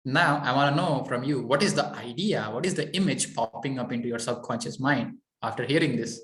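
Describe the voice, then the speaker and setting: A man's voice: mid-range voice, brisk, fairly bright tone, echoey room. A man coaching a client on mindset, talking in a repetitive, encouraging way with many "okay"s. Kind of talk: coaching session.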